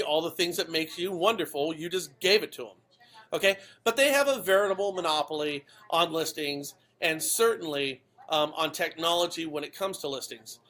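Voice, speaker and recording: A man's voice: high-pitched, a bit bright. A man hosting a podcast, giving blunt, emphatic commentary that swears freely and keeps checking in with the listener. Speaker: podcast host.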